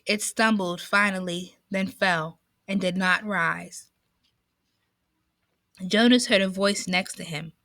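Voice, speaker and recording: A woman reading a novel aloud in a slow, careful way, with a few small slips. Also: medium pitch, steady tone, a bit bright, no echo.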